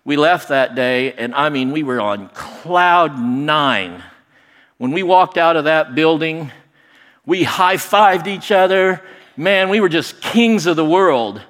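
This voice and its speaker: Male storyteller, lively, voices the quotes himself, long hall reverb. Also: on the high side, takes it slowly. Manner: animated, acts out quoted voices. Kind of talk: personal storytelling to an audience.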